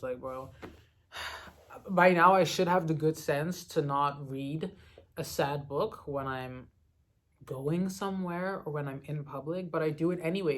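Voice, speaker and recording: A young woman from the Netherlands chatting casually as a book vlogger, answering questions with lots of fillers and little laughs. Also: sits low. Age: young adult. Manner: chatty, many "like" fillers, giggly asides. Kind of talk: casual chat answering a reading tag.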